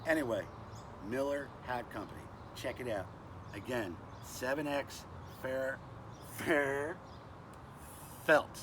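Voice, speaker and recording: A man's voice: medium pitch, measured pace, noisy background. Chatty older man hosting a knife vlog. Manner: chatty and self-deprecating, frequent "uh" and "anyway". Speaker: knife review channel host. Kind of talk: casual product review vlog.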